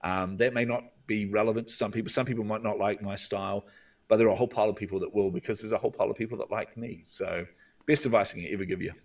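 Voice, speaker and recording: A man with a New Zealand accent tells stories as an interview guest, bringing inner voices to life with long thoughtful pauses. His voice sits low. He sounds a little distant from the microphone. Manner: animated, acts out inner voices with drawn-out "hmm". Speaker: guest, visibility coach. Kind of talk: storytelling interview talk.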